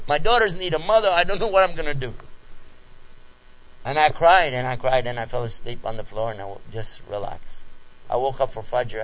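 A man speaking at a talk, telling a personal story in an animated way and acting out the scenes. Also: on the high side. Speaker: lecturer answering questions. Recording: dull lo-fi recording.

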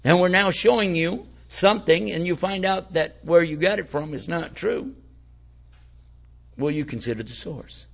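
A man's voice: on the high side, moderate pace, gravelly. A man giving an informal religious talk in a folksy, conversational way, asking his listeners rhetorical questions. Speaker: Islamic preacher. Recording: lo-fi dull recording.

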